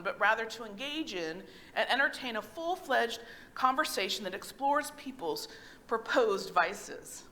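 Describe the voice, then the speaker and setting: Woman pastor, 30s, conversational sermon delivery, bright tone, higher voice, quizzes the pews. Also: slight background noise. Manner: conversational, animated, asks the congregation questions. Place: church sanctuary.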